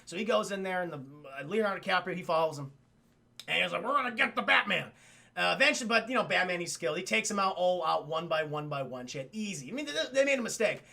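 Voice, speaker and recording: A young man recaps a cartoon episode for his live chat, excitable and profane. His voice sits high and swings widely, with a gravelly edge. He talks with a bright, forceful tone. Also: quick pace. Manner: excitable, swearing, acts out characters mid-recap with laughs. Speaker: streamer reviewing a cartoon episode.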